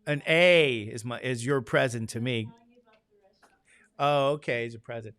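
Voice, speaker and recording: A man's voice: medium pitch, measured pace, fairly bright tone, no echo. A man, a statistics instructor chatting casually and jokingly with his class before a lesson. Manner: chatty, joking storyteller, acts out quoted voices.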